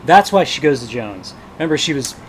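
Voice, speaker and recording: A man co-hosting a podcast in casual chat, retelling film scenes with quick acted-out quotes and casual swearing. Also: mid-range voice, sing-song, a little hiss or hum, poor audio. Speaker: podcast co-host. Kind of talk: casual movie discussion.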